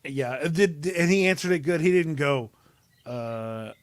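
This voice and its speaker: A man hosting a podcast over a video call, chatting casually and rambling with many pauses and fillers. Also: a little high, animated, no room sound. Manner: rambling, hesitant, lots of uh and um. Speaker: podcast host. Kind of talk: casual chat.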